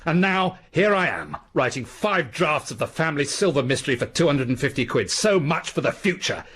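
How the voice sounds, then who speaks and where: An actor playing a pompous, pedantic, grumpy middle-aged writer in a radio sitcom. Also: male voice, a little high, sing-song, brisk, fairly bright tone, breathy edge, heavily acted. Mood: lecturing.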